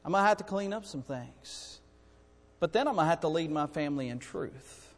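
A high-pitched man preaching a sermon in a church hall with a long reverb, rising from quiet asides to loud, climbing calls. He restarts his sentences and jokes with the congregation, and the room rings out behind each phrase. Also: animated, a little fast. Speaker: pastor. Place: church sanctuary.

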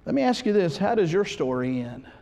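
A man preaching a sermon in a church, swinging from hushed to loud and often restarting his sentences. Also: high voice, sing-song, a little fast, creaky, in a large hall. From United States. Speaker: pastor.

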